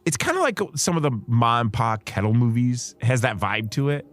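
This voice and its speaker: A man co-hosts a casual film-review podcast in a mid-range, slightly bright, sing-song voice at moderate speed. He tends to ramble and hesitate, often correcting himself as he goes.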